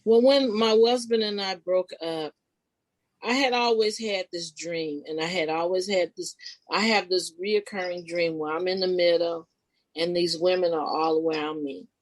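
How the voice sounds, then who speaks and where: An expressive woman guest recounting a spiritual experience in a loose, informal way. Her pitch jumps sharply at dramatic points, and her phrasing is casual and full of restarts. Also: normal speed, rough recording. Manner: animated, expressive retelling with sudden pitch leaps. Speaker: podcast guest, spiritual life coach. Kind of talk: personal storytelling in a conversation.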